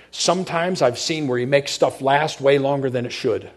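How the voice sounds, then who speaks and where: A man's voice: medium pitch, moderate pace, few pauses. A middle-aged man preaching a sermon as pastor, talking conversationally and checking in with his congregation.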